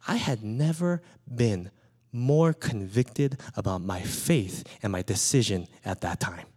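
A pastor delivering a sermon, a man in his thirties who tells stories from his own life. His pitch swoops and rises as he talks. He keeps an animated, playful storytelling manner. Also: takes it slowly. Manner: animated storytelling, acts out his small daughter's lines.

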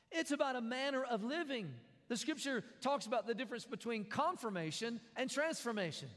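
A man's voice: extremely high pitch, fairly bright tone, big-room sound. A man preaching a sermon, conversational, with jokes and repeated phrases. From American South. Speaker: pastor.

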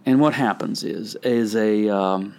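An older man, a pastor and author, speaks in a fairly low, slightly mellow, smooth voice at a measured pace. In a podcast conversation he's casual and reflective, rambling through stories and often restarting his sentences.

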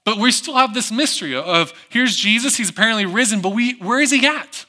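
A man preaching a sermon, who acts out the people in the story and drops to a hush on reflective lines. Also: high voice, lively intonation, brisk. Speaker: pastor.

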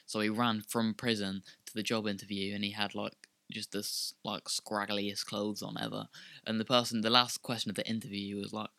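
Bright, dry-voiced young man chatting. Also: fairly low pitch, level tone, moderate pace, gravelly, no room sound. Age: young adult. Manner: rambling, loose storyteller. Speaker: podcast co-host. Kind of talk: casual chat.

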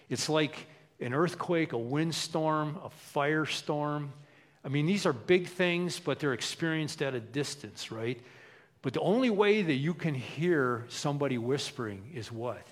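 A man preaching a sermon in a conversational way, asking rhetorical questions and dropping his voice low for emphasis. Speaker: pastor.

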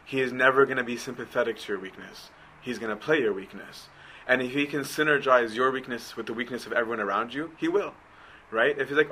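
A man's voice: mid-range voice, quick pace, sharp tone, a little hiss or hum, poor audio. A man giving a conversational sermon, often checking in with his listeners. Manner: conversational, keeps asking right?. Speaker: preacher.

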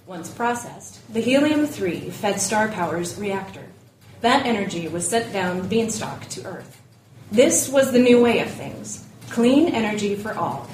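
A woman reading a science-fiction story aloud as a guest narrator, in a steady, matter-of-fact way. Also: medium pitch. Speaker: guest reader. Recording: echoey room from a distance with faint noise.

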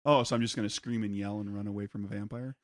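A man's voice: on the low side, fairly even intonation, fast talker, no echo, studio quality. A man co-hosting a podcast, joking and teasing his friends in casual chat and laughing often. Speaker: podcast co-host.

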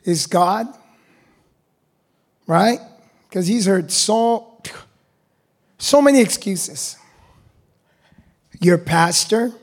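A man preaching a sermon to his church, building to shouted calls and answered by the congregation. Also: sits high, very slow, gravelly, pauses often. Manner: rising to shouted preaching, call-and-response with congregation. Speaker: pastor.

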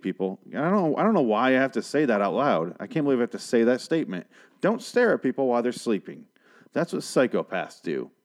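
A man's voice: medium pitch, a little mellow. A man hosting a casual TV episode review, talking in a rambling, profane and sarcastic way. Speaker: host of a TV review show.

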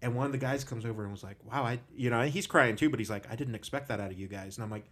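A man's voice: medium pitch, rapid-fire, a bit bright, husky. A man hosting a podcast, talking frankly and casually about personal struggles and swearing freely. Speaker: podcast host. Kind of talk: candid conversational podcast talk.

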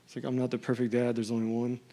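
A man's voice: mid-range voice, monotone, fast talker, warm tone. A man in his thirties preaching a sermon, reading scripture and telling a personal story in an earnest, conversational way. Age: 30s. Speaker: pastor.

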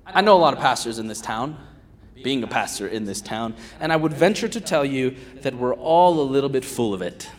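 A man in his thirties preaching a sermon as a guest pastor, conversational and animated, swinging from loud calls to hushed asides. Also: mid-range voice, fairly quick. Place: church sanctuary. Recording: long reverb of a large hall.

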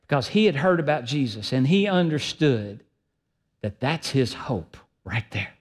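A man preaching a sermon as pastor, emphatic and swinging between loud and soft delivery. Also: medium pitch, lively intonation, unhurried, slightly rough.

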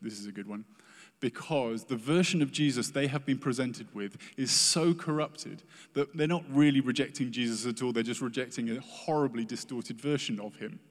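A man preaching with earnest emphasis, now and then acting out the words of those he quotes. His voice sits at an ordinary middle pitch. A long reverb trails after each phrase, as in a large hall. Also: moderate pace. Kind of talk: sermon.

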